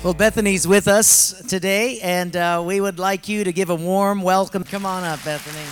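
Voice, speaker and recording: A man's voice: high-pitched, steady tone, normal speed, loud music behind the voice, a loud crowd. A man, a pastor, preaching emphatically in a large arena and then chatting playfully with a guest onstage. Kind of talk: sermon and stage interview.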